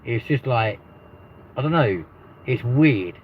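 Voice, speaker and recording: This London-accented man hosts a live stream in a slow, expressive, mid-range voice, chatting in rambling banter and swearing freely. The audio is muffled and lo-fi, with faint background noise.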